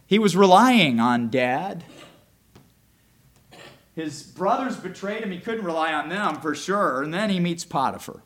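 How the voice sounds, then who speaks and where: A man preaching a sermon as a pastor, telling a story in an animated, conversational way. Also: high-pitched, measured pace. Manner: animated, conversational, often restarts.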